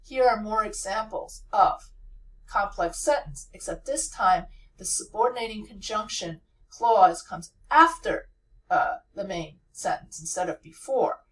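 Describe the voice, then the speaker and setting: A woman writing teacher giving a lesson, explaining patiently and repeating key points with frequent pauses. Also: medium pitch, recorded from a distance, rough recording.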